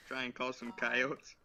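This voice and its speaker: A man's voice: mid-range voice, sharp tone. A man playing a tabletop role-playing game, gleefully describing what his character does and laughing at his own plans. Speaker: player. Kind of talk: casual tabletop game play.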